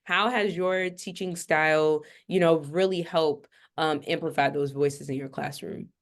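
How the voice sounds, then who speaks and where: Brief: woman podcast host, chatty and affirming, animated casual questioning. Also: sits low, measured pace.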